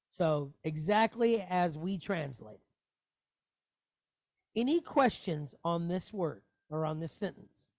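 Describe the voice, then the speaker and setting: Slow, patient male Hebrew teacher. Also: high-pitched, lively intonation, a little mellow, dry recording. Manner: patient, explains step by step with asides. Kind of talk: online Hebrew lesson.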